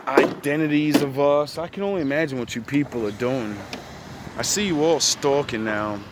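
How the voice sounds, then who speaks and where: A man's voice: medium pitch, background noise. A man ranting casually to the camera outdoors, rambling, profane and confrontational.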